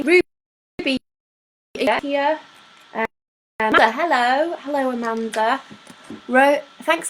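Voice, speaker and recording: A woman with a mid-range voice hosts a live stream from home, chatting casually with viewers by name and reading poems aloud with playful emphasis. The recording is low in quality, with slight background noise.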